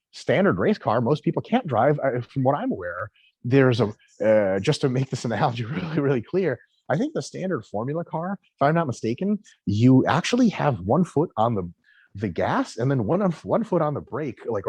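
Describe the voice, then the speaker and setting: A man's voice: medium pitch, big pitch swings, fairly quick, darkish tone, slightly rough, no room sound. A man speaking as a guest coach in a casual interview, emphatic and blunt, swearing freely.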